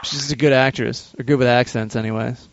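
A man's voice: medium pitch, steady tone, fairly quick, highs cut off, a little hiss or hum. A man in casual podcast chat who swears freely and laughs often. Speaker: podcast host.

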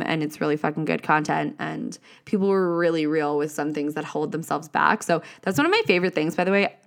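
A woman hosting a motivational solo podcast, talking casually with lots of swearing and "like" fillers. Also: fairly low pitch. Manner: swearing, gushing, uses many "like" fillers. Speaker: podcast host.

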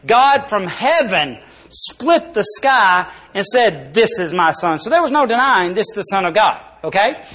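A man preaching a church sermon, swinging between loud, rising appeals and quiet, lowered asides. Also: very animated, unhurried, breathy edge. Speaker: pastor. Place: church sanctuary.

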